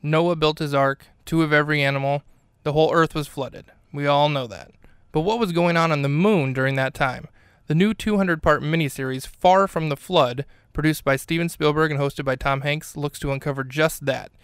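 A man voicing a pompous male promo announcer in a parody ad read, with a booming, overblown trailer delivery. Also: normal speed, fairly bright tone, smooth, no echo, studio quality. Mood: grandiose.

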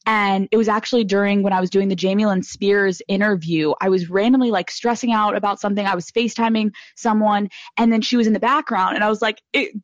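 A young woman hosting a casual podcast, telling stories fast with lots of swearing and voiced-out quotes. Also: medium pitch, fairly even intonation, dry recording, highs cut off. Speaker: podcast host. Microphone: studio microphone.

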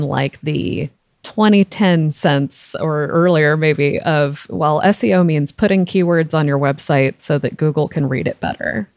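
A woman speaking as a podcast guest, explaining her points in a steady, methodical way. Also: low voice, no room sound, studio quality. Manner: explanatory, steady, occasional laughs. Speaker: guest, SEO director. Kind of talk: podcast conversation.

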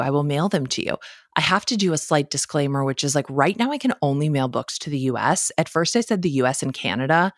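Midwestern lady podcaster, low voice, dry close sound, chatty and jokey. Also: dry recording. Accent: Midwestern American. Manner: chatty, self-deprecating, laughs often. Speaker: podcast host. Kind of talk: casual solo podcast chat. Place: home office.

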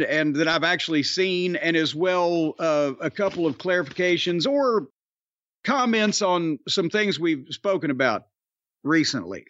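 A man's voice: fairly high pitch, fairly bright tone, no room sound, lo-fi sound. A man, hosting a casual podcast with rambling, profane wisecracks. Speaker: podcast host. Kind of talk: casual wrestling podcast banter.

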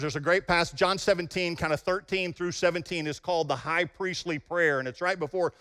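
A man's voice: fairly high pitch, fairly even intonation, brisk, few pauses, a bit bright. A man preaching a sermon as pastor, emphatic and often checking in with his congregation. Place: church sanctuary. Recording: long hall reverb in a church.

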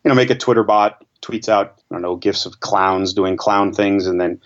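Man, stats analyst, lower voice, hesitant, fillers, dull lo-fi sound. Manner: measured, hesitant, many fillers and repeats. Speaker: podcast co-host, stats analyst. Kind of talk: casual podcast discussion.

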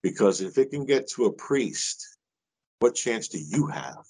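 Middle-aged man, animated storyteller. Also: fairly low pitch, a little slow, poor audio. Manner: animated, lively storyteller who swears casually. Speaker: guest. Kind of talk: casual storytelling in an interview.

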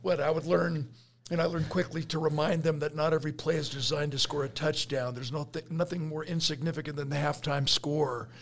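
A man hosting a podcast interview, eager and quick to jump in, sharing lessons through sports metaphors. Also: a little high, steady tone, gravelly, a little hiss or hum. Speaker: podcast host. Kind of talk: conversational interview.

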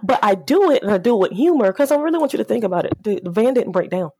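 A woman's voice: fairly high pitch, very animated, racing, warm tone, breathy edge. A woman who runs an auto repair shop, a guest on a podcast, telling humorous customer stories and acting out the dialogue. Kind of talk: casual podcast conversation.

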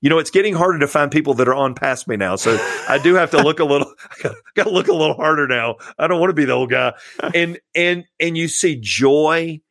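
A man's voice: on the high side, animated, fast, dry recording, clean studio sound. Earnest man telling stories. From Georgia, US. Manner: earnest storytelling, warm about mentors. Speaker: pastor and podcast guest. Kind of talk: casual interview chat.

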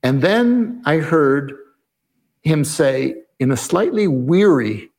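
A man with a slightly raised pitch recounts an episode for an interviewer. His delivery is measured and explanatory, and he often poses his own inner questions out loud as he narrates. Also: big pitch swings, creaky. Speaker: podcast guest, negotiation expert. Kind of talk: reflective storytelling in an interview.

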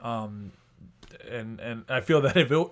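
A man's voice: medium pitch, unhurried. A man co-hosting a podcast in casual chat, rambling with restarts and swearing. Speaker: podcast co-host.

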